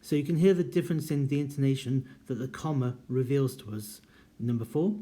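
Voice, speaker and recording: A man's voice: mid-range voice, warm tone. Man giving a careful writing lecture. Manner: clear, deliberate, reads examples aloud with marked intonation. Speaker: university writing teacher. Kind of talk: recorded lecture.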